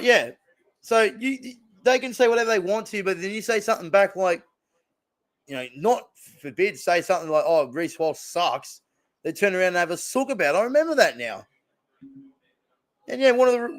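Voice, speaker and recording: A young man with an Australian accent casually chatting and reacting to plays as he hosts a live stream watch-along, rambling between topics. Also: high-pitched. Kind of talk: casual live commentary and chat.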